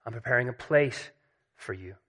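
A gentle, loving savior speaks low and soft, each line tender and unhurried, as a male preacher voices him. The tone stays bright despite the hush. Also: slightly rough.

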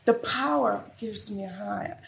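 Gravelly-voiced woman telling stories. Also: mid-range voice, measured pace. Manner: candid storytelling, laughs often. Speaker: interview guest. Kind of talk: casual interview conversation. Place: her studio. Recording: echoey room with faint noise.

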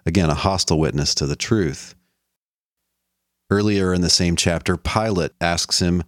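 A Bible lecturer with a low, deep voice explains a text in an easy, conversational way at normal speed, raising his voice when quoting scripture. The recording is close and dry, with no room sound around it.

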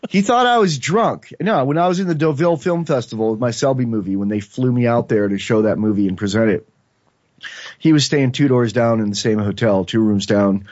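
A man's voice: medium pitch, a little fast, no room sound. A man, a filmmaker and podcast guest, telling a rambling story in casual chat and acting out quotes. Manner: rambling, animated, acts out quotes. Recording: dull lo-fi sound, dry.

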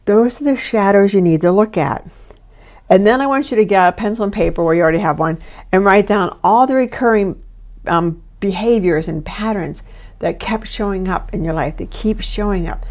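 Older woman, 60s, life-coach podcaster, mid-pitched, earnest and instructive. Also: moderate pace, a little mellow. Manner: earnest, instructive, addresses listener directly. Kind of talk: self-help podcast talk.

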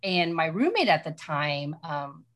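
Chatty animated woman podcast guest. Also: sits low, a little slow. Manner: animated, rambling, many "like"s. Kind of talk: casual chat.

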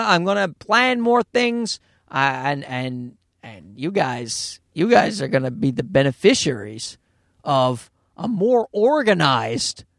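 A man's voice: sits high, gravelly, fairly bright tone, no room sound, clean studio sound. A man hosting a casual solo podcast, rambling from thought to thought, swearing freely and poking fun at himself. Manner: rambling, profane, self-deprecating. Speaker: podcast host and comedian.

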